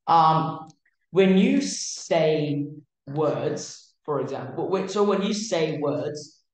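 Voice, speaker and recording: Theory tutor rambling thru a casual lesson, lots of ums, middle pitch, super echoey room. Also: lively intonation, drawn-out words. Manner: chatty explaining with many fillers and restarts.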